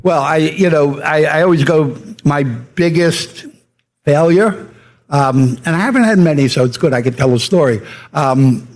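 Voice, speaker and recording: Older male guest storyteller, mid-pitched, animated anecdotes with voiced-out quotes. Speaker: media entrepreneur guest. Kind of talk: fireside chat storytelling. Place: stage before a live audience.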